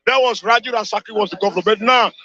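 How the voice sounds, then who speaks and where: High-voiced nigerian guy yelling about his state on a call-in show, dull lo-fi sound. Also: quick pace, no echo. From Edo State, Nigeria. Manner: fiery, shouting, repeats himself, mixes in Pidgin. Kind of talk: impassioned live radio call-in rant. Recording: dull lo-fi radio audio.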